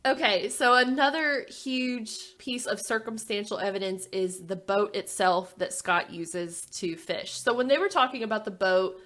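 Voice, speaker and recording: A woman's voice: mid-range voice, measured pace, few pauses, a bit bright. A woman co-hosting a casual true crime podcast, walking through case details in a chatty way with frequent asides. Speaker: podcast co-host.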